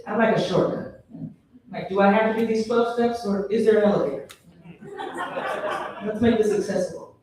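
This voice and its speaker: A man performing a stand-up set, breaking into shrill high mock voices when he quotes people. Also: normal speed, long pauses, noisy background. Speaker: stand-up comedian. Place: comedy venue stage. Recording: very echoey hall from a distance.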